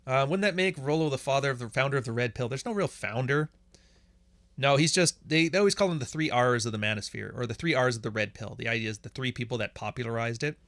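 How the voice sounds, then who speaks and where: A Canadian man talks off the cuff as a podcast host, blunt, profane and sarcastic, often breaking into laughs. His voice is bright and forceful, at a middling pitch. The sound is dry and close, with no room echo. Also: fast talker. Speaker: podcast host answering chat questions. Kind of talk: casual livestream chat.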